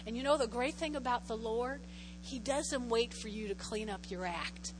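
A woman pastor giving a conversational sermon in a church, often checking in with "okay?", and moving from loud prayer to a soft invitation. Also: a little high, normal speed, noisy background. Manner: conversational, repeats phrases, frequent "okay?" check-ins. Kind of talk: sermon with altar call.

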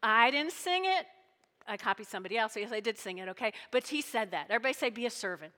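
A woman delivering a sermon with a chatty, joking manner, slipping into little acted-out scenes. Her voice sits a bit high and rings bright. The sound trails off in the long reverb of a big church sanctuary. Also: animated, quick pace. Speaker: preacher. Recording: long reverb of a large hall.

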